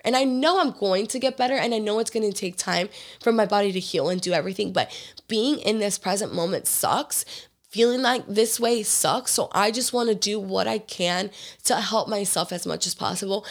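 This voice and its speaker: A woman hosting a casual solo podcast, hoarse and raspy from being sick, talking in an earnest, open way with lots of casual fillers. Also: mid-range voice. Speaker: podcast host.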